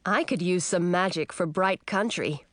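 A woman's voice: on the low side, moderate pace, a bit bright, no echo, clean studio sound, close to an everyday voice. A woman doing an eager frog-boy.

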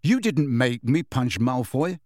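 A man's voice: medium pitch, sing-song, a little slow, no echo, studio quality. A man reading aloud, voicing a frustrated teenage boy who speaks testily and bitterly. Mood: testy. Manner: testy, bitter.

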